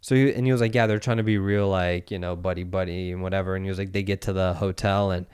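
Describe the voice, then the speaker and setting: With a deep, smooth voice and a fast delivery, a man in his thirties tells a story on his podcast in relaxed conversation. He animates the tale by voicing the quotes himself, swearing here and there.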